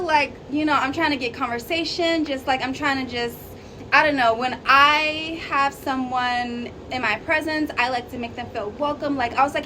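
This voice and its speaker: Woman vlogger, high voice, chatty storytime delivery, faint room hum behind. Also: moderate pace, rough recording. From Arizona, USA. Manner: chatty, animated, lots of fillers. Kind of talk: casual storytime.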